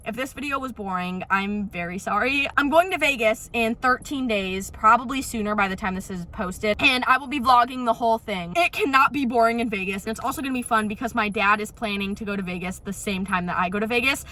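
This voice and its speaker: A young woman vlogging casually into her phone, telling animated stories about her dad with lots of "literally" and "like". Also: on the high side, a little fast, hardly any pauses. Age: young adult. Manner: animated, chatty storytelling with frequent "literally" and "like". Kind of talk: casual ranting vlog.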